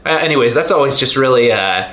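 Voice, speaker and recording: A man's voice: mid-range voice, lively intonation, fast talker, a loud crowd. A man co-hosting a podcast, playful and musing aloud in casual chat. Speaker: podcast co-host. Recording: roomy echo.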